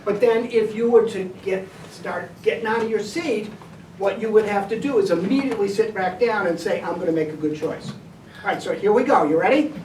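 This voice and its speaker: A woman's voice: mid-range voice, normal speed, darkish tone. A woman teacher leading a classroom behavior lesson, giving directive step-by-step instructions. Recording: echoey room, distant mic, background noise.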